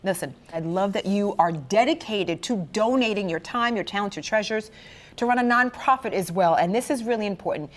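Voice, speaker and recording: A woman's voice: mid-range voice, a little fast. Gushing woman hosting a cooking show. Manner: gushing, exclamatory, tasting and reacting. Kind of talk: enthusiastic cooking show chat.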